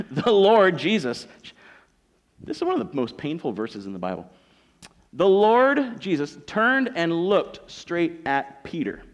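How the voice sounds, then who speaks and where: A man preaching a sermon as pastor, telling a story with animated acted-out voices. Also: a little high, takes it slowly.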